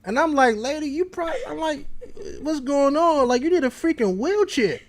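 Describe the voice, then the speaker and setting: A man's voice: extremely high pitch, lively intonation, normal speed. A man with a Baltimore accent hosting a podcast, telling a long, rambling story in casual slang. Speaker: podcast host.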